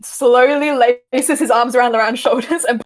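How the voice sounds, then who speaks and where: A woman playing a tabletop game, excitable and giggly. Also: on the high side, moderate pace. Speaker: player. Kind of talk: casual tabletop play.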